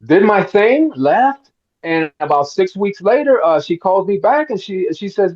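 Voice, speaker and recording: A middle-aged man from Miami, fairly high-pitched, spins a long story at a roundtable and slips into the voices of the people in it. The sound is a little dull and lo-fi. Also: measured pace. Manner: animated storyteller, acts out quotes. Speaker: actor guest.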